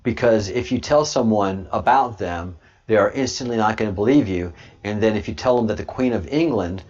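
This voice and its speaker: Halting man on a dull lo-fi stream. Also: fairly low pitch, darkish tone. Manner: halting, many restarts, then slow emphatic repetition. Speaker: channel host. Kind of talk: livestream talk answering chat.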